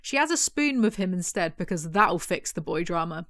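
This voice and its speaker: A woman's voice: lowish voice, expressive, normal speed, a bit bright, dry recording, clean studio sound. A woman doing a casual book review, reading passages aloud and breaking in with sarcastic, mocking asides.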